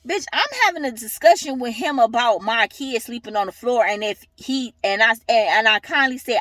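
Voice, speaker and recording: A young woman vents in a heated, profane vlog rant. Her voice sits a little high and sounds dry and close to the mic, with no room around it. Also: normal speed, hardly any pauses, fairly bright tone, dry recording. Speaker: vlogger. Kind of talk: angry ranting vlog.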